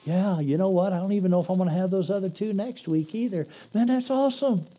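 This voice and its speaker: A man preaching a sermon, acting out laid-back young stoner buddies with a drawling, slangy, high voice. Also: quick pace, dark tone. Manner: drawling, surfer-style slang.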